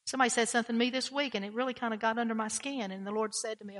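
Lady pastor preaching hard, blunt and repeating herself, bright voice, big echoey church. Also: on the high side, fairly even intonation, racing, few pauses. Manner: blunt, emphatic, repeats key phrases. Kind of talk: sermon.

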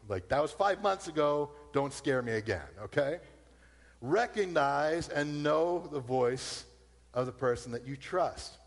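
A man preaching a sermon in an animated, emphatic storytelling manner, heard with long hall reverb. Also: on the high side, gravelly. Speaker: pastor.

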